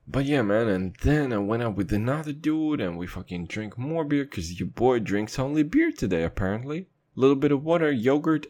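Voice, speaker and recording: A man's voice: mid-range voice, a little mellow. A young man hosting a podcast, talking in a crude, profane, rambling rant. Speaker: podcast host.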